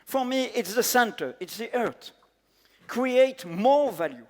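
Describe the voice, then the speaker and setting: A man with a French accent, a native French speaker, giving an earnest, emphatic panel talk in halting English with many fillers. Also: very high voice, expressive. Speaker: panel speaker, editor-in-chief. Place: large conference hall. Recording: echoey conference hall.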